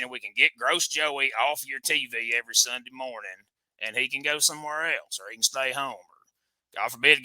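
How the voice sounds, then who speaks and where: A man's voice: a little high, bright, forceful tone, no echo. A man hosting a comic show, needling his guest in boastful country banter. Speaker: host.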